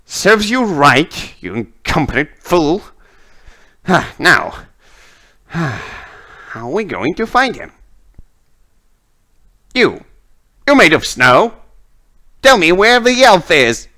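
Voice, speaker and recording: A man's voice: on the high side, sing-song, slow pace, long pauses, sharp tone, voice pushed up, heavily acted. A man voicing a cruel, imperious sorceress who screams orders and threats. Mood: scornful. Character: shrill furious sorceress woman, imperious and cruel.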